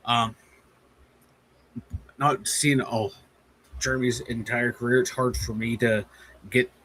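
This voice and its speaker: A man's voice: medium pitch, level tone, slow, fairly bright tone, low-quality recording. A man co-hosting a live sports podcast, giving blunt, casual opinions with some swearing. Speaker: podcast co-host.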